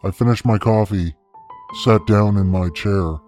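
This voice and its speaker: A man reading his short story aloud in a calm, matter-of-fact manner. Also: fairly low pitch, unhurried, soft background music. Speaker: story contributor.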